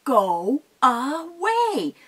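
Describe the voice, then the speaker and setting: A woman voicing a big, grumpy mother troll who gives slow, firm orders in an oral storytelling performance. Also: high-pitched, huge pitch swings, a bit bright, voice pushed up, exaggerated voice. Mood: stern. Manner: slow, drawn-out, firm commands.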